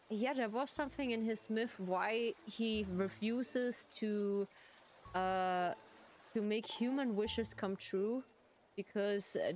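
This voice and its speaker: A woman's voice: mid-range voice, a little mellow. A woman streamer with German as her first language, reading game text aloud and chatting while she plays, giggling and restarting words. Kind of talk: live game playthrough commentary.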